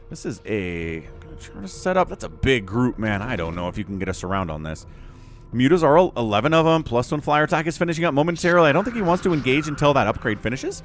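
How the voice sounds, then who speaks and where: A man's voice: mid-range voice, a bit bright, slight background noise. Chatty man casting a strategy game. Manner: casual, chatty, talks to viewers. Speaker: StarCraft shoutcaster. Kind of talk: solo game commentary.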